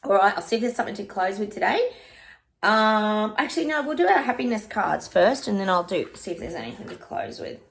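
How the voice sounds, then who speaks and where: Brief: middle-aged Aussie woman, psychic livestream host, rambling chatty delivery, a bit of fry in the voice. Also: mid-range voice, sing-song, fairly quick. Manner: chatty and rambling, addresses viewers as guys. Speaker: psychic reader. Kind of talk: casual livestream chat with tarot readings.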